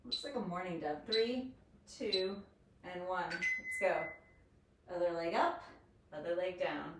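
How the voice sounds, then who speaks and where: A woman's voice: fairly low pitch, unhurried. A woman leading a home workout, counting down each set and cheering viewers on. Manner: counts down reps, upbeat and encouraging. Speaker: fitness instructor. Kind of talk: guided workout instruction. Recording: echoey room, distant mic, faint noise.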